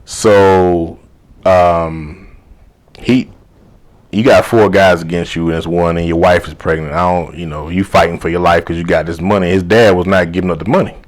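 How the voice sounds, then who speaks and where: A man with a very low, deep voice tells a personal story in a casual, chatty way. He fills it with quoted dialogue and loose asides. The tone is conversational and unscripted. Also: normal speed. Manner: animated retelling full of quoted dialogue and "you know". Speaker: life coach.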